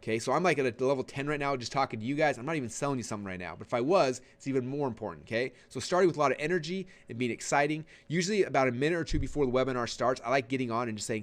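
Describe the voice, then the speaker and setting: A man leads a recorded webinar lesson at a brisk clip. His delivery is emphatic and animated, spilling out in quick, conversational bursts with plenty of restarts. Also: mid-range voice. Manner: energetic and emphatic, sitting forward and gesturing; conversational with frequent fillers and restarts. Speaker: online marketing instructor.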